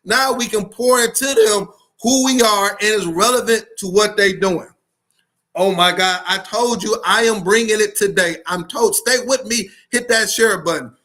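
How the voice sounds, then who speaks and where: A man's voice: high voice, normal speed, sharp tone. A man hosting a live talk, preaching with fiery repetition and slangy to his listeners. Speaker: podcast host, school leadership speaker. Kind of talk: live-streamed motivational talk.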